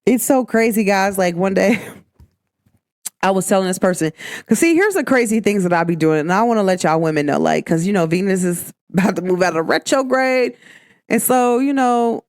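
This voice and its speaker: A woman's voice: fairly high pitch, darkish tone, dry recording, studio quality. A woman hosting a podcast, giving emphatic, preachy spiritual advice in a casual talk. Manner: emphatic and preachy, calls listeners "baby". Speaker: podcast host.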